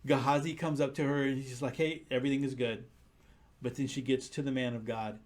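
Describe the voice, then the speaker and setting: A man's voice: medium pitch, darkish tone. A man preaching a conversational sermon, earnest and full of restarts. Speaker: pastor.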